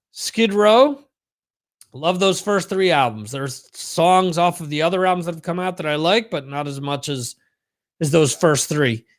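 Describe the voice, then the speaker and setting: A man hosting a livestream, talking in a chatty, rambling, profane way. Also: sits high. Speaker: livestream host. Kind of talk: casual livestream monologue.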